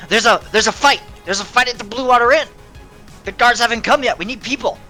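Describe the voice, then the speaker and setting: A man voicing panicked townsfolk shouting for help. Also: very high-pitched, brisk, soft background music, voice pushed up. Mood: frantic. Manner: frantic, shouted.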